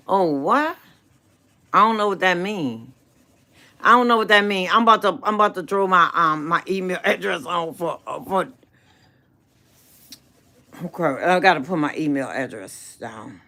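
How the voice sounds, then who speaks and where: A middle-aged woman hosts a live stream, chatting with her viewers in an affectionate, rambling way and calling them baby. She talks slowly and unhurriedly. Her voice is bright and forward, and she mixes in faith-based encouragement. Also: lowish voice. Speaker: channel host. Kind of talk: casual live-stream chat answering viewers.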